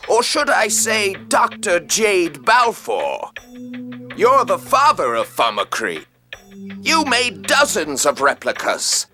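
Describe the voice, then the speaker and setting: A man's voice: sits high, wildly swooping pitch, slow pace, sharp tone, full character voice. An actor playing a bitter, guilty old male researcher in a video game, speaking in an accusing, defensive way. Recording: game audio with music behind.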